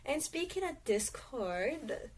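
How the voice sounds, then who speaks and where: A woman's voice: high-pitched, sing-song, slow, slight background noise. Chatty woman vlogger, filler-heavy. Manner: chatty, many fillers and restarts; giggles often. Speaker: channel host. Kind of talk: casual rambling commentary.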